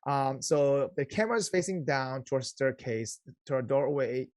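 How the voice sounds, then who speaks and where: A man co-hosting a casual podcast chat, excitable and quick to interrupt with questions. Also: medium pitch, dry recording, studio quality. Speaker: podcast co-host.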